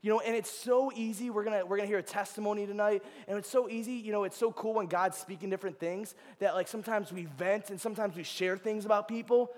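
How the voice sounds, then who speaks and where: Young male ministry speaker, high-pitched, lively and casual, heard with a long reverb in a large hall. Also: fast, few pauses. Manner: animated, chatty storyteller. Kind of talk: informal sermon with personal stories.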